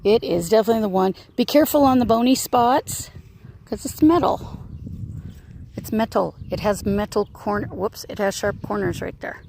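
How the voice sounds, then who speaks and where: A woman's voice: medium pitch, animated, moderate pace, vocal fry, a little mellow, a little hiss or hum. A woman running a horse sanctuary talks casually outdoors with her horse, rambling and laughing often. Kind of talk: casual vlog.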